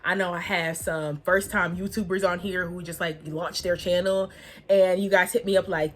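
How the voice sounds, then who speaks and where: A woman's voice: fairly low pitch, fairly even intonation, moderate pace. A young woman, talking to her viewers in a casual, heartfelt vlog and laughing often. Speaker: vlogger.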